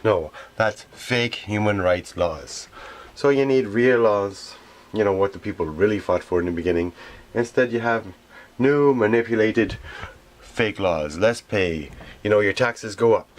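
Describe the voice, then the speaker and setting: A garbage collector delivering an indignant, rambling monologue, repeating himself and often pausing with filler phrases as he searches for words. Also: fairly low pitch. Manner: indignant, repetitive, often pauses with "how you say".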